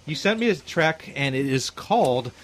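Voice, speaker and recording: Brief: male radio host, eager, chuckly, mid-high voice, close dry studio mic. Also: moderate pace, no room sound. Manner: excitable, chuckling often. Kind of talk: casual radio interview.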